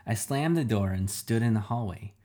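A man narrating a first-person storybook in a steady, quiet way. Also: fairly low pitch, moderate pace.

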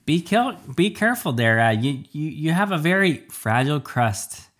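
A man's voice: fairly high pitch, very animated, moderate pace, a bit bright, pitched above the performer's own voice. A man voicing a worried, overprotective father who fusses and stammers. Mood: fretting. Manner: fussy, stammering.

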